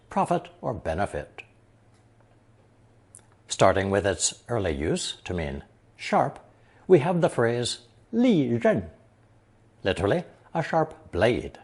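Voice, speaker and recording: Brief: man, lesson narrator, unhurried delivery, slightly husky tone, very lively melody. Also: medium pitch. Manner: slow and deliberate, reading example sentences and translating them. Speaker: language teacher. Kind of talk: scripted language lesson narration.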